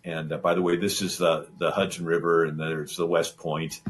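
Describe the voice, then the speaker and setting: A man's voice: sits low, moderate pace, slight background noise. A man hosting a talk show, telling a history story in a loose, rambling way and acting out the lines of the people in it. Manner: animated, acts out the quoted figures' lines; loose and rambling, with many fillers and restarts. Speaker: show host.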